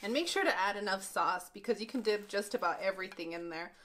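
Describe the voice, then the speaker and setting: A woman with a Texan accent hosting a home cooking tutorial in her kitchen, explaining each step in a chatty, easygoing way with soft laughs. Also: mid-range voice, lively intonation, fast. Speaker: cooking channel host and mother.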